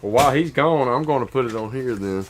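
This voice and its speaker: A man's voice: medium pitch, fast, slight background noise. A man co-hosting a livestream, joking in laid-back banter. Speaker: co-host. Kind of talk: casual livestream chat.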